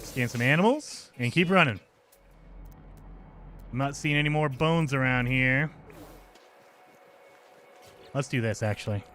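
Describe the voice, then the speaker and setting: Speaking a little slowly with long pauses, a man with a medium-pitched, slightly bright voice streams a game, talking through his moves and complaining when plays go badly. This casual commentary has a little hiss or hum, and he's occasionally winded from running.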